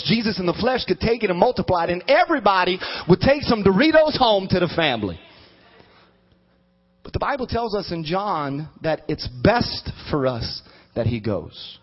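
A man in his thirties preaching a sermon in a church, animated and building to shouted emphasis. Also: high voice, normal speed, breathy edge. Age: 30s. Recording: dull lo-fi sound.

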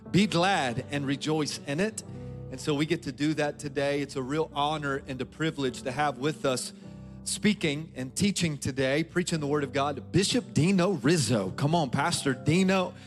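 A man leads a church service, firing off rousing calls to the congregation before easing into heartfelt storytelling. His voice sits a little high. Clear music runs beneath him in the live hall. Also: normal speed. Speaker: pastor introducing guest speaker. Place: large church auditorium.

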